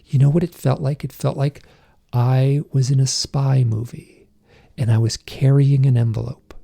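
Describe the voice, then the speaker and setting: A middle-aged man, a podcast guest, tells a personal story in a halting, intense way, with many restarts. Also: mid-range voice, fairly even intonation, gravelly, warm tone, husky.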